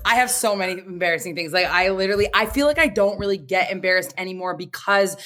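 A woman from Canada sits in as a podcast guest, her voice in an ordinary middle pitch. She tells stories in a chatty way and teases as she goes. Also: fast talker, fairly bright tone. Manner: chatty, teasing storyteller. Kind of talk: casual podcast chat.

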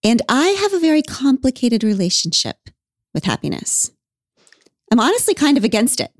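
A woman's voice: on the high side, sing-song, normal speed, dry recording, clean studio sound. A woman hosting a podcast in casual chat, wry and emphatic, laughing often. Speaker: podcast host.

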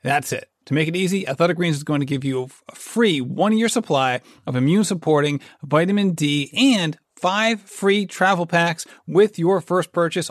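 A man hosting a podcast, chatty, often pausing to search for his words. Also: fairly high pitch, no echo, studio quality. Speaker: podcast host. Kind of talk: casual interview questions and ad reads.

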